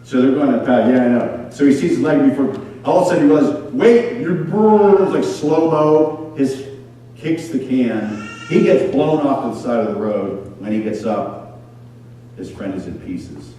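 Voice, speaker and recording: A man preaching a sermon in a school church, animated and storytelling, slipping into voices for his characters. His voice sits at a middle pitch and sounds distant from the mic, carrying a big roomy echo with a faint hum of room noise behind it. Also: moderate pace. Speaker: pastor. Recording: echoey hall picked up from afar.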